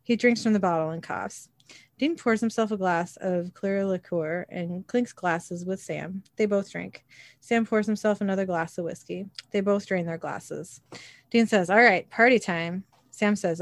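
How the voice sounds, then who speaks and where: A woman's voice: mid-range voice, a little slow, no echo, studio quality. A woman narrating a TV episode scene by scene in a casual way, reading the characters' lines plainly with the odd filler. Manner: reads quoted dialogue plainly, with small fillers.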